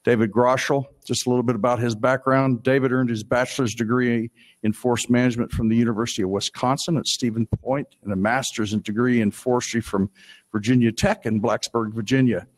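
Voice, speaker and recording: A man moderating a panel reads out an introduction at an ordinary middle pitch. He slows down and stumbles on some phrases as he reads. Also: steady tone, low-quality recording. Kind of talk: reading a speaker introduction. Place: conference room.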